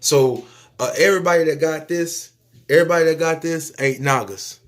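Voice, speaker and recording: A man delivering a spiritual preaching monologue to his viewers, emphatic and repetitive, stretching out phrases and suddenly dropping to a soft near-whisper. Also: fairly high pitch, moderate pace. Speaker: YouTube speaker.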